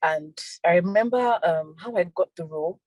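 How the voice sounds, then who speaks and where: A young woman, an actress and filmmaker, giving soft-spoken casual interview answers with frequent laughs. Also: lowish voice, normal speed, no room sound, lo-fi sound. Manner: soft-spoken, laughs often, repeats words.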